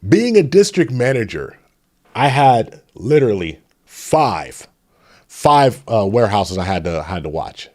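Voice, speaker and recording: A man's voice: on the low side, sing-song, unhurried. Heated, ranting male livestream host. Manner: heated, preachy rants with frequent restarts; drops to soft, pleading tone addressing chat. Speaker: channel host. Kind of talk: livestream commentary.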